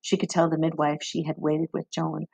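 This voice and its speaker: A woman reading a novel aloud in a measured storybook manner, doing voices for the characters. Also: sits low, monotone, creaky, a little mellow, husky, no echo, poor audio. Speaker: reader.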